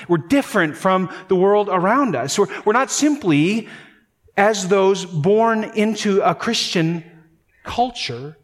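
A middle-aged man from North Dakota preaching a sermon as pastor, emphatic and prone to repeating words for stress. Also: high-pitched.

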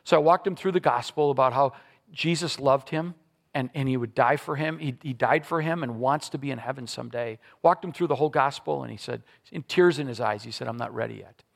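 A middle-aged man preaching a sermon to his church congregation, telling a personal story with lively acted-out voices and leading a prayer. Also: mid-range voice, a little fast, creaky. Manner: animated storytelling, acting out quoted voices. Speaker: pastor. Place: church service before a congregation.

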